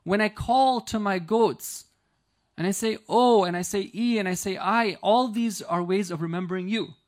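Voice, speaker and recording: A man's voice: high voice, moderate pace, natural voice. A man voicing a simple, devoted shepherd who earnestly pleads with God during a storytelling lecture. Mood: pleading.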